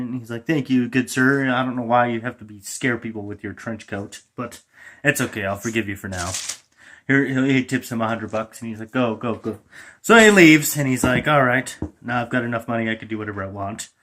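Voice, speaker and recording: A man improvising a comic story in a playful way, laughing and switching quickly between character voices. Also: mid-range voice, bright, forceful tone.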